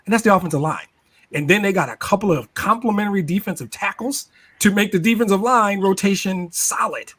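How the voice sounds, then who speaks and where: Male sports-talk regular, slightly high voice, animated and laugh-prone, casual podcast delivery. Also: husky. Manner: animated, repeats words, laughs often.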